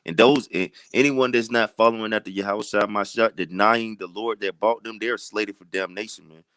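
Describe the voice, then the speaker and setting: Man teaching scripture, low and dry. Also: fairly even intonation, moderate pace, fairly bright tone, clean tone, dry recording. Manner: loose, repetitive, rising to emphatic challenges. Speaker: bible study teacher.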